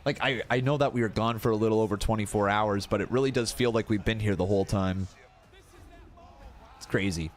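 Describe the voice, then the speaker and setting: This young host speaks fairly quickly in a lowish voice during his live watch-along stream. He chats to viewers, bursts into frequent laughter, and keeps calling them "guys" and "bro" in excitable, casual commentary.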